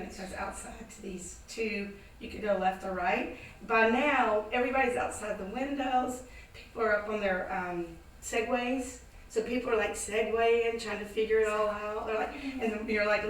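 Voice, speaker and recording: A woman's voice: medium pitch, normal speed. A woman from the American South telling a story casually to a live audience, acting out the voices of the people in it. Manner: animated, acts out voices in her story. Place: indoor event space. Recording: echoey room, distant mic, some noise.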